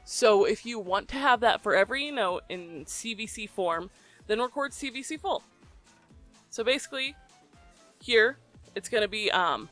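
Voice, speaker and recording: A voicebank creator talking through a recording tutorial in a relaxed, chatty way, often pausing with ums. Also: mid-range voice, soft background music. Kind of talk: casual tutorial explanation.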